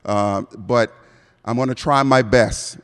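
A man's voice: medium pitch, slow pace, a bit bright, clear, resonant tone, big-room sound. A man with a semi-Bahamian American accent preaching an evening sermon as a pastoral fellow, chatty and asking the congregation questions. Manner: conversational, asks the congregation questions.

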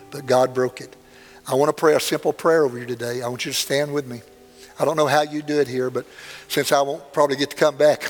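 An older man preaching a sermon, telling a story in a plainspoken, earnest way that swells dramatically. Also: medium pitch. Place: church sanctuary. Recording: long hall reverb, faint music.

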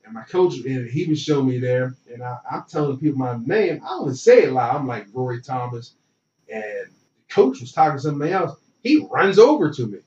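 A young man telling stories in casual conversation, animated and acting out the voices of people in his anecdotes. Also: mid-range voice, brisk, recorded from a distance. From from a small town. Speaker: interview guest. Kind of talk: casual storytelling. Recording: roomy, dull and slightly noisy.

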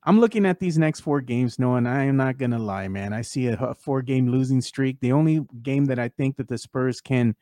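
A man hosting a laid-back sports talk show, chatting in a loose, filler-heavy way. His voice sits at an ordinary male pitch. The sound is dry and close, with no room around it. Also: fairly quick, hardly any pauses, warm tone, no room sound. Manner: conversational, many fillers, reads fan posts aloud. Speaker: podcast host.

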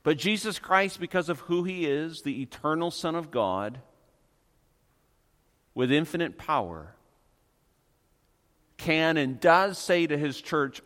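A man preaches a sermon with earnest, emphatic delivery, drawing out the words he wants to land. His voice sits a little high and sounds bright and forceful. Long reverb from a church hall trails behind him. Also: lively intonation. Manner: earnest, emphatic preaching with slow stressed phrases. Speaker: pastor.

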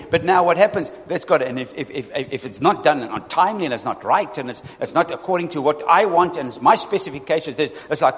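An animated male preacher with a fairly high voice, repeatedly calling out to his congregation. His voice rings with a long hall reverb. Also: normal speed, hardly any pauses. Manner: animated, asks the congregation for responses. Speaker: pastor. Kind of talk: sermon.

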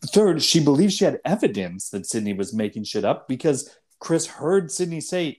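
A man's voice: mid-range voice, big pitch swings, moderate pace, darkish tone. A man arguing his case point by point. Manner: argumentative, lays out points step by step. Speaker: podcast co-host. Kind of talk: casual TV recap chat.

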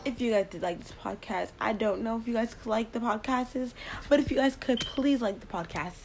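A woman's voice: fairly high pitch, a little fast, music in the background, low-quality recording. A teenage girl hosting her first casual podcast late at night at home, rambling and repeating words with a giggly manner, recorded on a laptop mic. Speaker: podcast host.

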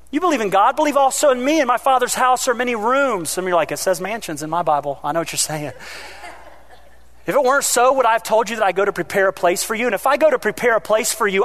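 A man with a very high voice for his sex preaches a sermon. He is animated, building to loud emphatic peaks and then dropping to quiet asides. He tosses in joking remarks to the congregation along the way. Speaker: pastor.

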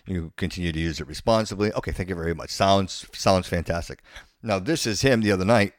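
A podcast host with a low voice delivers a casual, indignant opinion rant at a brisk pace. He stammers, repeating words and restarting phrases, and sounds opinionated. The sound is dry and close, with no room sound.

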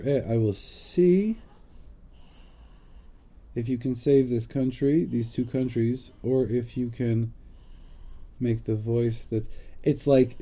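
Slow, dark-voiced man teaching a text. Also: mid-range voice. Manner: halting, translates phrase by phrase with many restarts. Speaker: teacher reading and translating a Hebrew text. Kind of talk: casual text study.

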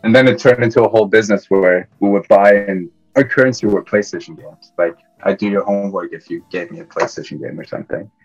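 A man's voice: lowish voice, fast, few pauses, highs cut off, soft background music. A young man from Iran, a podcast guest telling casual, self-deprecating stories with frequent restarts. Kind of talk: casual interview storytelling.

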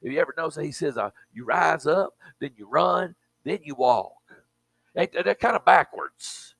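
Gravelly-voiced man preaching a sermon. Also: a little high, animated, moderate pace, fairly bright tone, no room sound, low-quality recording. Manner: emphatic, repeats words, frequent "amen".

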